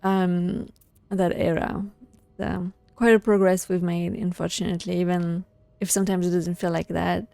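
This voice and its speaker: A woman's voice: lowish voice, flat delivery, normal speed, creaky, mellow, no echo. A woman hosting a gaming video, chatting casually as she plays and thinking aloud with small laughs and hesitations. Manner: muses aloud while playing, with frequent small laughs and hesitations. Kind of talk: casual let's-play commentary, reading game letters aloud.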